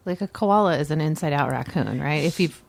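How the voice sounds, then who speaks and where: Deadpan absurdist woman co-host, dry sound. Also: low voice, a little fast, gravelly, dry recording. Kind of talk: casual comedy chat.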